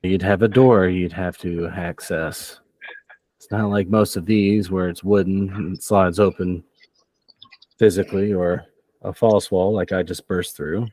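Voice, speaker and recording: Deep-voiced man running a tabletop game. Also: steady tone, unhurried, mellow, no room sound. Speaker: game master.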